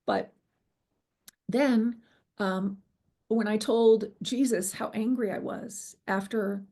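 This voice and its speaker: A woman sharing her near-death experience in an earnest, halting way, restarting sentences and quoting her own thoughts. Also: mid-range voice, fairly even intonation, warm tone. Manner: earnest, halting, with many restarts and quoted inner voice. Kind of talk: emotional personal storytelling.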